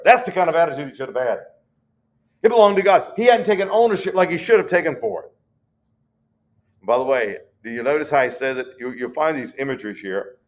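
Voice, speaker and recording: A man's voice: fairly high pitch, expressive. Folksy man leading a Bible study. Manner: folksy, conversational, reads scripture slowly.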